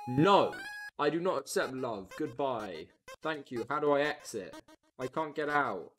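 A game streamer giving chatty, excitable, self-mocking commentary on a first playthrough. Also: medium pitch, measured pace. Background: game music.

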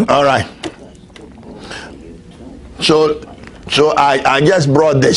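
A man preaching a sermon, swinging from shouted peaks to low murmurs and laughing often. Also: little pitch movement, extremely slow, long pauses, slight background noise.

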